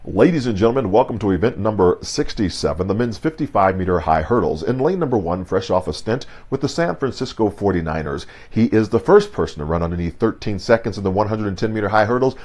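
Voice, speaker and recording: A man's voice: fairly low pitch, lively intonation, fast, few pauses, a little mellow. A man voicing a formal stadium announcer, drawing out and building each introduction. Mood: hyping.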